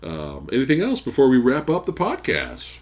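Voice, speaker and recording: A man co-hosting a movie podcast, talking casually and haltingly about films. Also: mid-range voice, huge pitch swings, a little mellow. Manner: laid-back, halting with restarts. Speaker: podcast co-host. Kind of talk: casual movie review chat.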